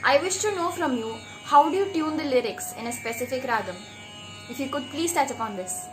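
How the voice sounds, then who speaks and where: A woman's voice: sits high, animated, brisk. A woman from India, a dance and music student, politely asking her teacher a question. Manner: formal and polite. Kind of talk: polite question on a video call.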